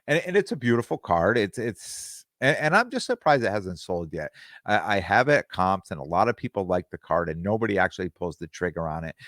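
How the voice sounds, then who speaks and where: Low-voiced man telling a rambling story. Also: no room sound, studio quality. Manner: rambling, with restarts and reenacted dialogue. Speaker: podcast host. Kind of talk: casual storytelling monologue.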